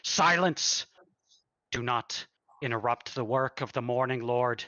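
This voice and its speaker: A pious abbot , as a game master puts him on, preaches in a booming, velvety, rehearsed voice. The sound is bright and forceful. It is recorded close and dry, with a dull, muffled tone. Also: male voice, steady tone, a little slow, dry recording. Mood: stern.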